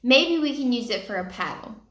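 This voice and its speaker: A woman voicing a careful young boy in a children's storybook. He sounds worried and practical, with a high, lively voice and a bright tone. The voice rings in a roomy space. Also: fairly quick. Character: young boy adventurer, cautious. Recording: roomy echo.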